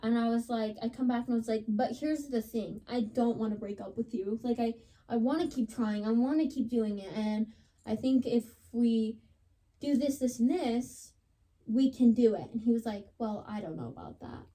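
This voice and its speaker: Young woman telling a story, mellow voice. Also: fairly high pitch, moderate pace. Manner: chatty, dramatic retelling, lots of "like". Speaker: podcast co-host. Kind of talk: casual chat, storytelling.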